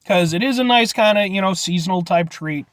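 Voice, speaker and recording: A man's voice: high-pitched, brisk, fairly bright tone, no room sound. A man giving a rambling, jokey casual vlog review, often addressing viewers as folks. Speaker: food reviewer.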